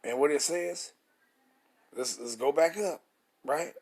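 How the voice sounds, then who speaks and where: Emphatic husky man preaching scripture. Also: fairly high pitch, takes it slowly, a little mellow. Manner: emphatic, repetitive, rhetorical "See?" questions, swearing. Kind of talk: street-style scripture teaching.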